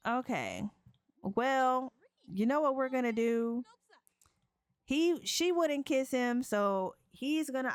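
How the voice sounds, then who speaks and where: Woman let's play host, animated and slangy, bright-ish voice. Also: on the high side, no echo.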